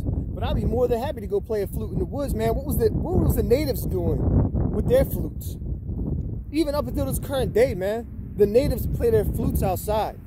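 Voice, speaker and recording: A man reading scripture aloud and calling people out in a casual, confrontational rant. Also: high-pitched. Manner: accusatory, calls people out, tags lines with "man" and "bro". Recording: noisy background with passing vehicles.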